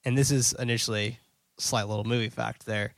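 A man hosting a podcast, recapping a film scene by scene in a loose, chatty way with plenty of fillers and quick self-corrections. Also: medium pitch, gravelly, no echo. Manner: blunt and excitable. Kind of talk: casual scene-by-scene movie recap.

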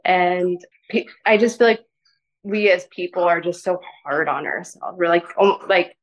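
A woman as a podcast guest, talking in a gentle, rambling casual way, full of "like" fillers. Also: fairly low pitch, unhurried, low-quality recording. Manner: rambling, filler-heavy with frequent "like"; soft, gentle delivery. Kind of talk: casual interview conversation.

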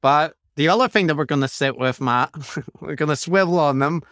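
Wry male podcast host, clear dry voice. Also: on the high side, a bit bright, dry recording. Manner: wry, joking, quick asides. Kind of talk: casual chat, reading listener reviews.

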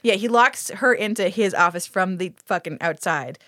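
A woman's voice: medium pitch, a bit bright, dry recording, studio quality. A woman co-hosting a podcast, casually recapping a TV episode, swearing freely and breaking into laughter. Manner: laughs often, swears, acts out characters in quick asides. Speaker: podcast co-host. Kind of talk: casual comedic recap chat.

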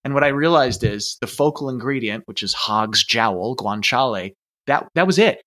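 A man, a guest chef, chatting casually and telling lively stories with acted-out dialogue. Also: medium pitch, normal speed. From United States. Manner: lively storyteller, acts out dialogue. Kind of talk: casual chat.

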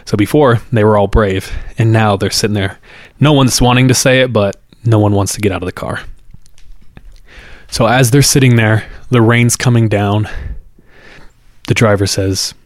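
Low-voiced man telling a spooky story. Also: fairly even intonation, moderate pace, dry recording, studio quality. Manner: loose and conversational, repeats words, fillers. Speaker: podcast host. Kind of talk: casual spoken storytelling.

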